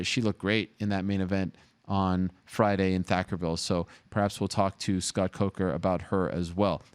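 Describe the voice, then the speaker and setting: A man's voice: fairly low pitch, clean tone. A man hosting a talk show, chatting casually and eagerly with fillers and restarts. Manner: chatty, upbeat, lots of fillers. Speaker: host.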